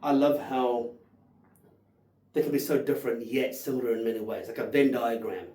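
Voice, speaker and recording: A man in his thirties tastes whisky and rambles through his notes, swearing freely and gushing about flavors. His voice is warm and mellow, and it sounds a little distant in a roomy, echoey space. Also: mid-range voice, fairly even intonation, moderate pace. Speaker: whisky reviewer. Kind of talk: casual tasting vlog.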